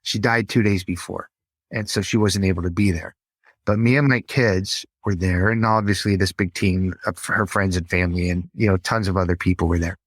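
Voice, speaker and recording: A middle-aged man, a podcast guest, telling a personal story in an earnest, halting way with frequent restarts. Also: sits low, steady tone, no echo.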